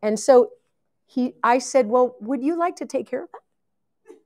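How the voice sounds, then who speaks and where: A woman preacher telling a long story in a sermon, animated, acting out the voices of the people in it and often laughing. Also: high voice, measured pace. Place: conference hall.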